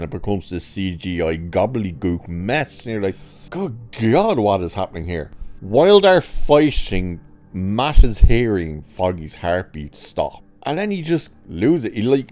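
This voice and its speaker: A man's voice: deep voice, a little mellow. A man talking casually as he reviews a TV show, chatty and exasperated, with lots of filler words. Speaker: TV review host.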